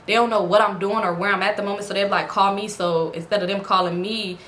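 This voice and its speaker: At home at night in front of a ring light, a woman vlogger casually tells her viewers a story, acting out the quoted lines in a raised voice. She talks fast at a medium pitch and is animated, with an echoey room and a little hiss or hum in the background.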